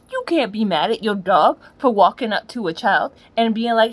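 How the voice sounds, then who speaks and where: A woman ranting in a profane, slangy monologue, swinging from low muttering to loud yelling. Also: lively intonation, normal speed, few pauses, rough recording. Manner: swears constantly, slangy. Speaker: solo podcaster.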